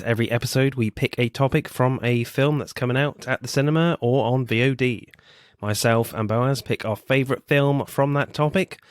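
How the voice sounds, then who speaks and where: A man hosts a film podcast in a casual, chatty way, laughing easily between questions. His voice sits at an ordinary middle pitch. The recording is dry and close. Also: dry recording. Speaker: podcast host. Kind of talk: casual chat.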